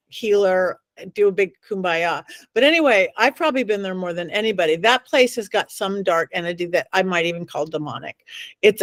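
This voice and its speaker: A woman's voice: mid-range voice, no room sound. A middle-aged woman telling dramatic stories as an interview guest, acting out the voices of the people she quotes. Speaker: psychic medium guest. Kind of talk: animated interview storytelling.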